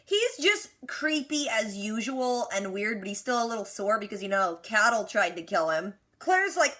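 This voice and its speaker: A young woman talks through a TV episode in a loose, chatty recap, slipping into quick impressions of the characters. Her voice sits a bit high and sounds clear and bright. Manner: animated, acts out characters in quick quoted asides. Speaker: reaction video host.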